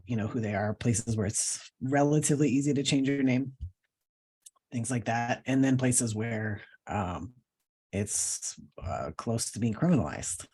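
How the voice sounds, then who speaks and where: Husky-voiced man, thoughtful interview guest. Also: medium pitch, expressive, unhurried, darkish tone. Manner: thoughtful, searching for words. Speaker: guest, professor and cartoonist. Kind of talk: casual conversational interview.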